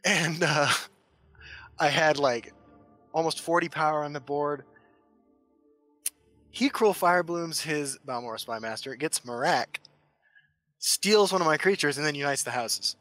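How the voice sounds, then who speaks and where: A man co-hosting a casual podcast, excitably telling stories with stammered restarts. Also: fairly high pitch, a little slow, long pauses, no echo, faint music behind. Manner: excitable storyteller, stammering restarts, laughs often. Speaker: podcast co-host.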